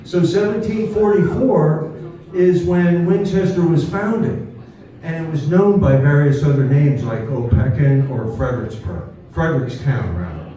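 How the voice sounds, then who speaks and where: A man's voice: on the high side, a little slow, dark tone, distant mic. Man giving a chatty history talk in an echoey room. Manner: chatty, digressive, asks "okay?" often. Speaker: history speaker. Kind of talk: informal history talk to a live audience.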